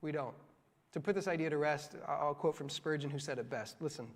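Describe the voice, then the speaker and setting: A young male pastor preaching a sermon in a church, lively and joking with quick asides to his congregation. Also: on the high side. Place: church sanctuary. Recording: long church hall reverb.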